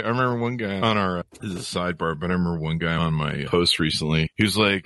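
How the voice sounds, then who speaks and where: A man hosting a podcast, rambling through animated asides and jumping his voice up when he mocks someone. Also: deep voice, fast talker. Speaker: podcast host. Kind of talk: casual chat.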